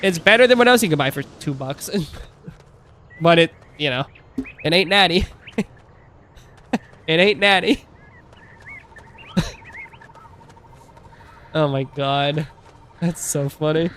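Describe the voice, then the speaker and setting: A man's voice: on the high side, takes it slowly, pauses often, fairly bright tone. A man in his thirties chatting casually on a live stream, rambling through asides and laughing often.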